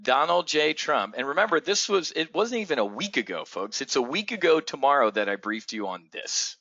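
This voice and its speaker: A man with a bright, forceful voice runs a stock market briefing in a brash, irreverent way, swearing and hammering his points. The sound is dry and close, with a slightly dull, lo-fi tone. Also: fairly high pitch, very animated, moderate pace, dry recording. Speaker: options trading host.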